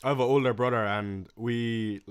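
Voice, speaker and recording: Relaxed young man, smooth voice. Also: medium pitch, normal speed. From Ireland. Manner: relaxed, rambling, filler-heavy. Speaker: livestream host answering chat questions. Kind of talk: casual live Q&A chat.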